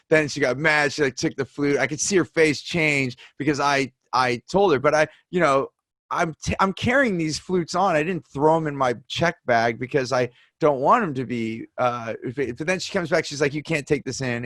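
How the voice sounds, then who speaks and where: A man hosting a podcast, chatting casually and telling animated stories, acting out the people he quotes. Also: mid-range voice, no echo, clean studio sound. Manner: animated storyteller, acts out quoted voices. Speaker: podcast host. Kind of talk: casual conversation, storytelling.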